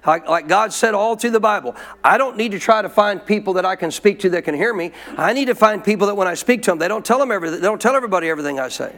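A man's voice: high-pitched, expressive, very fast, few pauses, a bit bright. A man preaching a sermon in an emphatic way, repeating his points and calling for amens from the congregation.

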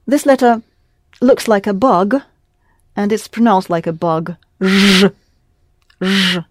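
A woman giving a one-to-one language lesson, patiently modelling words and repeating them slowly for her students. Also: mid-range voice, steady tone, no room sound. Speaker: language teacher.

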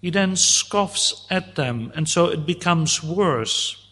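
A man preaching a sermon, teaching slowly and deliberately through a psalm and voicing God's words at times. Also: high voice, expressive, bright, forceful tone.

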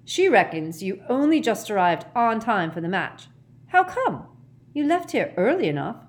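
A cheeky teenage boy teases and chats in an offhand, grinning way, as a woman reading the story puts him on. The voice bounces around with a lively lilt. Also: mid-range voice, normal speed, pitched above the performer's own voice, natural voice. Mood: casual.

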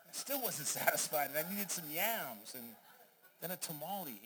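A middle-aged male pastor preaching with energy, calling for amens and rising to shouts. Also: a little high, very animated, normal speed, heavy background noise. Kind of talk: sermon.

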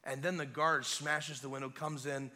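Bright-voiced preacher man telling a story. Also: medium pitch, normal speed. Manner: animated storytelling, acting out scenes; conversational asides. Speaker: guest preacher. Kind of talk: revival sermon.

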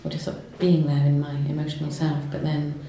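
A low, mellow-voiced woman speaks hesitantly, stopping and restarting as she explains her work, then reads poetry aloud. The room is strongly echoey, with faint noise behind her. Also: monotone, brisk. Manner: hesitant, lots of ums and restarts when talking. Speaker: poet guest. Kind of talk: conversational interview and poetry reading. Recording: roomy echo, faint noise.

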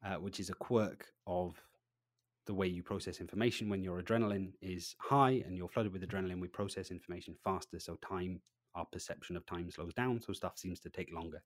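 A man giving an interview about his training work, lively, acting out little voices and swinging between loud and quiet. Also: low-pitched, brisk, no room sound, studio quality. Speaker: presentation trainer, guest. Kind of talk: animated podcast interview.

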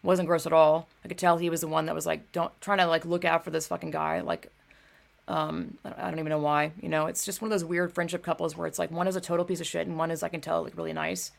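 A woman's voice: sits low, flat delivery, fast, gravelly. A young adult woman hosting a casual livestream, rambling and swearing with many fillers while she talks to chat. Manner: rambling, profane, filler-heavy. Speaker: livestream host.

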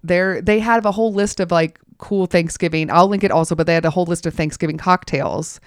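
A woman's voice: fairly low pitch, fairly quick, no room sound, studio quality. A woman co-hosting a podcast, chatting casually with a friend, rambling into asides and laughing often. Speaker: podcast co-host. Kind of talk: casual chat.

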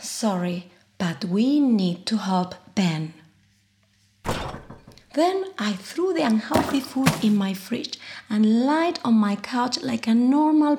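A woman's voice: fairly high pitch, a little mellow. A young woman playing an impulsive pregnant amateur detective who rambles and drops into whispers, with faint background noise. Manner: rambling, whispery asides, quick nervous bursts.

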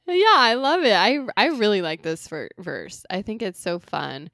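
An American woman co-hosting a casual podcast chat about song lyrics, talkative and quick to laugh, often acting out little quotes. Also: mid-range voice, very animated, vocal fry, fairly bright tone, no echo, studio quality. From United States. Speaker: podcast co-host.

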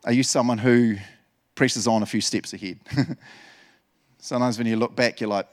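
A man preaching a sermon in an animated, laughing way, acting out voices from the Bible. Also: mid-range voice, moderate pace. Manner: animated, laughs often, acts out voices of biblical figures. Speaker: pastor.

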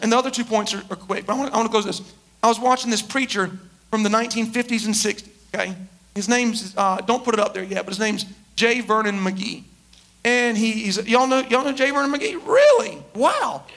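High, bright-voiced male pastor preaching. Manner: emphatic, repeats words and restarts often. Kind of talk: conversational sermon.

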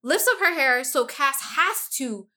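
A woman casually chatting about a book with a co-host, animated and gossipy, full of slang. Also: sits high, a little slow. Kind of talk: casual book discussion chat.

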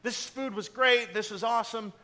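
A pastor voicing a jovial, generous ancient king who is loud and over-friendly in a sermon retelling. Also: very high voice, normal speed, pitched above the performer's own voice.

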